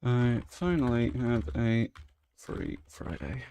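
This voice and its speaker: A young man chatting casually while commentating his game, swearing and bursting out in excitement. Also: mid-range voice, slow pace, clean tone. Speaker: gaming streamer.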